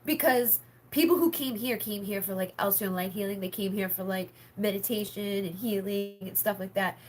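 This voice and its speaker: A woman's voice: mid-range voice, level tone, moderate pace, a little mellow. A woman hosting a casual livestream for her members, rambling with lots of filler words and frank swearing. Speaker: spiritual healer hosting a members' live stream.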